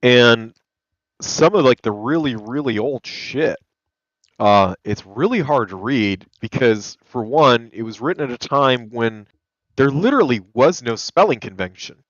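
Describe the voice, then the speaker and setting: A lawyer appearing as a guest chats casually, telling rambling stories, swearing freely and laughing often. His medium-pitched voice has lively intonation, is a little slow and a bit bright, and comes through as a dull, lo-fi, dry line with no room sound.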